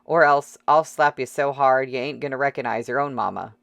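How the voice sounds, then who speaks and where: Reader putting on a foul-mouthed defiant woman yelling shrill, dead dry audio. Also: brisk, vocal fry, no room sound, heavily acted. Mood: furious. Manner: coarse swearing, loud and shrill.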